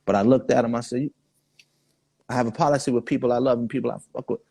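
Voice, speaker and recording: New guy, gravelly and a bit husky, laid back storytelling, dry close sound. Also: mid-range voice, steady tone, quick pace, dark tone, dry recording. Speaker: guest artist. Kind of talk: casual interview storytelling.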